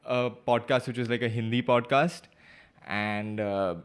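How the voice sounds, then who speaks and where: A man in his thirties with a South Mumbai English accent speaks at an average pitch. He argues his points emphatically in casual podcast talk, peppered with "like" and "bro". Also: fairly even intonation, unhurried, clean tone. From South Mumbai, India. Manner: emphatic, indignant, uses bro and like. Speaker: podcast co-host.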